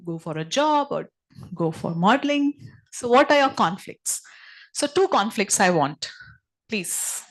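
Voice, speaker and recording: A woman with an Indian English accent leading a group workshop, gently reassuring and repeating her encouragement. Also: medium pitch, rough recording. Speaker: workshop facilitator.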